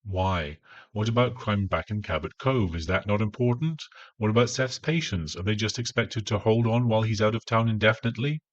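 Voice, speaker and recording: Guy doing a snarky book review, lowish voice, dull dry lo-fi sound. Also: brisk, dry recording. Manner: dry, sarcastic, scornful. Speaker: audiobook reviewer. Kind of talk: spoken review.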